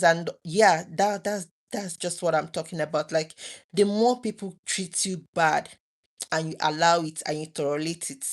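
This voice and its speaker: A woman in her thirties, talking earnestly and emotionally to her viewers late at night, often restarting her sentences. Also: low-pitched. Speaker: vlogger.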